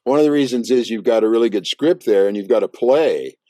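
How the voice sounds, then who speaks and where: A man co-hosting a podcast, chatting in a relaxed way about a film's script and cast. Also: medium pitch, a little fast, dry recording. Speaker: podcast co-host. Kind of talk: casual film discussion.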